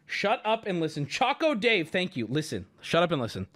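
A man's voice: high-pitched, wildly swooping pitch, fairly quick, a bit bright, soft background music. A man streaming live, ranting at his chat in an exasperated, profane, argumentative way. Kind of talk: livestream rant to chat.

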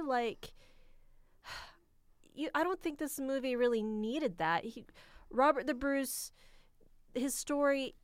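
An American woman co-hosting a casual film review, opinionated and quick to laugh. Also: sits high, clean tone, no echo, clean studio sound. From United States.

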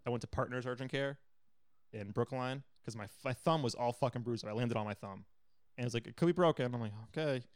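A young man tells a rambling, profane story at a fast clip. He swears freely and plays out his own exasperated reactions. The sound is close and dry, with no room in it. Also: medium pitch, no room sound. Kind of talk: casual storytelling chat.

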